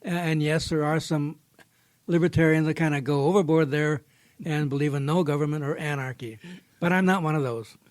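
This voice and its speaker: A man's voice: on the high side, steady tone, fairly quick. A man hosting a podcast from a studio, talking in a plainspoken, folksy way and telling a fable in casual storytelling form. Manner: folksy, plainspoken, tells a fable with small quoted voices. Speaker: podcast host.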